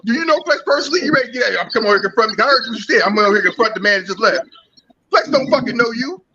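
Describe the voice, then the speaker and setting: A man on a livestream panel talks fast in a high voice, heated and confrontational, swearing as he goes. His muffled line carries clear background noise. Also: lively intonation, sharp tone. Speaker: panel guest. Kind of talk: casual livestream panel talk.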